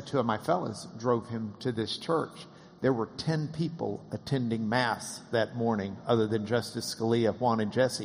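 Man, mid-pitched, storyteller who acts out voices, long hall reverb. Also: gravelly. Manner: animated, acts out quoted voices, laughs often. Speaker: interviewer and storyteller. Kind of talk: casual anecdotal storytelling.

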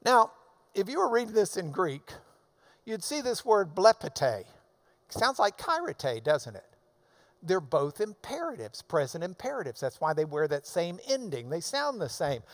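A male preacher with a high, lively voice that swoops up and down as he teaches. He takes his time, lingers on words, and hammers key phrases by repeating them in loud bursts. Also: a little slow. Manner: folksy asides to the congregation. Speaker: preacher teaching a Bible passage. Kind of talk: expository sermon.

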